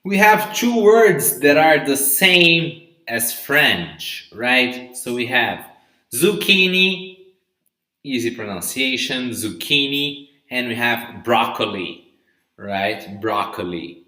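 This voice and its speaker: A male English teacher speaks with great slowness in a bright, forceful voice, drilling each word's pronunciation and checking in with "okay?" and "right?". The sound is roomy, with a clear echo around him. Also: medium pitch, animated. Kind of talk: live online vocabulary lesson.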